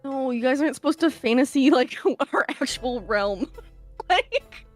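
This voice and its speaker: A woman's voice: high voice, expressive, unhurried, faint music behind. A woman from Boston playing a tabletop game, teasing the others with jokes and swearing. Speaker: player. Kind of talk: casual tabletop game chat.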